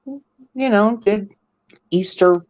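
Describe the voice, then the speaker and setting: A woman's voice: mid-range voice, drawn-out words, darkish tone, highs cut off. A woman co-hosting a live stream chat, answering with short, dry, laid-back remarks. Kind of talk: casual chat, short replies.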